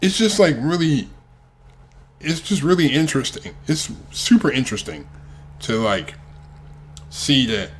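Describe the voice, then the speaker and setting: A man's voice: mid-range voice, a bit bright, slight background noise. A young American man hosting a reaction video, rambling casually with lots of fillers. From United States. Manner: rambling, heavy on fillers, laughs often.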